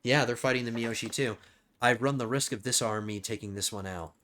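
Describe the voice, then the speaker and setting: A man's voice: mid-range voice, fairly quick. A man whose voice is strained, casually talking through his moves as he plays a strategy game. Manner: thinking out loud while playing. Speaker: gaming channel host. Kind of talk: casual let's play commentary.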